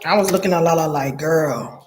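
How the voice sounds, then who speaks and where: Woman, vlogger, casual straight-to-camera talk, blunt, swears freely, mid-pitched voice, faint hiss behind. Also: moderate pace. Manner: blunt and profane, animated, talks straight to viewers; lively pitch jumps, laughs often. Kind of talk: casual opinion monologue.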